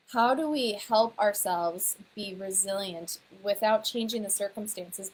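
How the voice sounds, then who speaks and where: A woman who is a naturopathic doctor, teaching in a gentle, reflective way and walking listeners through guiding questions. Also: mid-range voice, poor audio. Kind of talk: teaching to camera.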